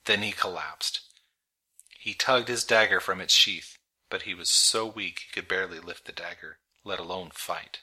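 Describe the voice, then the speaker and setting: A man narrating a storybook in a dramatic, measured reading that builds tension. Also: low voice, pushed and bright, poor audio. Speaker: audiobook narrator. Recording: narration over clear background music. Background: music.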